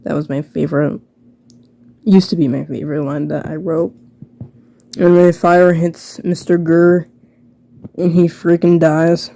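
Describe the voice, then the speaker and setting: A woman giving a casual, jokey commentary, reading from her own old book with sarcastic asides and quick rambling restarts. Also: deep voice, flat delivery, warm tone, no room sound.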